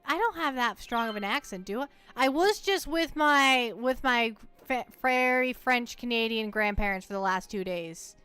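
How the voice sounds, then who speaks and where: A woman's voice: on the high side, animated, moderate pace, few pauses, sharp tone, smooth, dry recording, soft background music. A woman from the United States chatting playfully and teasingly while livestreaming a game, often repeating words as she goes. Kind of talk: casual gameplay livestream chat.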